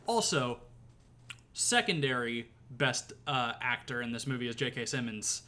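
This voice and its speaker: A man co-hosting a podcast, chatting casually about a movie, animated and laughing often, with some swearing. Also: mid-range voice, measured pace. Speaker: podcast co-host. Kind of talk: casual movie review chat.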